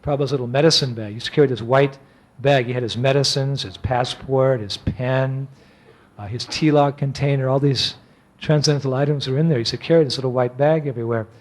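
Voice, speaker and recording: A man, a monk, giving an animated, anecdotal lecture and chuckling often as he tells stories. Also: mid-range voice, quick pace.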